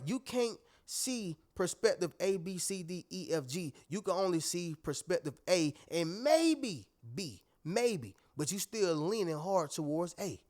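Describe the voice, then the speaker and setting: A motivational speaker with a high-sitting, slightly mellow voice talks straight to his viewers. He is emphatic and preachy and keeps checking that they are following.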